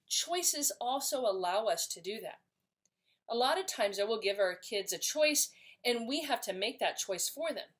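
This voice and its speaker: A middle-aged woman giving a parenting lesson, speaking in an empathetic way and acting out short example phrases. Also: a little high. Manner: warm, empathetic, acts out short example lines. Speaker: parenting educator. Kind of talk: instructional talk to parents.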